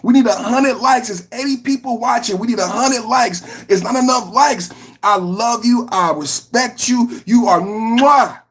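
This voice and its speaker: A man hosting a live political reaction stream, talking in an animated, mocking way that swings from low mutters to shouts. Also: normal speed. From San Francisco Bay Area. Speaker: livestream podcast host.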